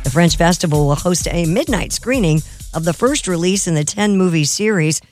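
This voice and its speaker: A woman's voice: on the low side, expressive, moderate pace, darkish tone, soft background music. A woman reading an entertainment news segment on a radio show, slipping in wry asides.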